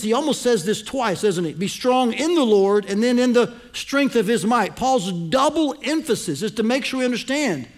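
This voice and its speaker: A high-pitched man preaches to his congregation, walking through a passage point by point. He keeps asking whether they are following him, and he slows right down to land the key phrases. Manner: teaching, asks the congregation to follow along. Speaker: pastor. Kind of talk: sermon.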